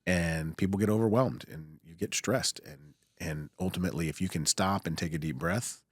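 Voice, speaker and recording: A man who works as a surgeon, talking in a calm, reflective way during a casual podcast chat and often rephrasing as he goes. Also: low-pitched, moderate pace, breathy edge, no echo, clean studio sound.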